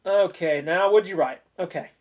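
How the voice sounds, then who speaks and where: Male host, high voice, casual joking chat with sarcastic asides, sincere streak. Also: moderate pace, a little mellow, highs cut off. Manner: chatty and joking, with playful sarcasm. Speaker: host of a discussion video.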